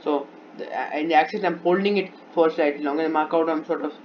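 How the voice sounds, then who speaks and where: A fast-talking man with a high-side voice and steady tone gives an impromptu music theory lesson. He keeps restarting and repeating himself while demonstrating, over an instrument in a dull lo-fi recording.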